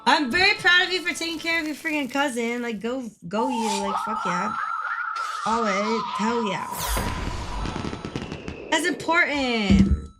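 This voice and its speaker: A young woman with a slightly high voice chats loosely on her livestream, swearing freely and greeting viewers by name. Game music plays clearly behind her. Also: expressive, measured pace. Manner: chatty and profane, greets viewers, frequent laughs. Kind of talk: casual stream chat.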